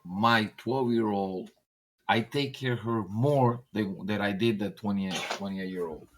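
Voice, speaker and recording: A middle-aged man chatting casually on a voice call, telling lively stories and acting out old-timers in a high voice. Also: unhurried, background noise. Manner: animated storyteller who acts out old-timers in a high voice. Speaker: discord caller. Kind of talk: casual chat. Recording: voice chat over discord.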